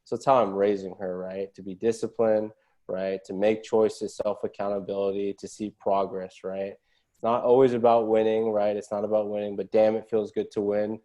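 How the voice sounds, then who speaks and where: This male podcast guest tells a story casually, sounding earnest and motivational, with frequent questioning "right?" endings. His voice is fairly low, level, and mellow, delivered at a moderate pace.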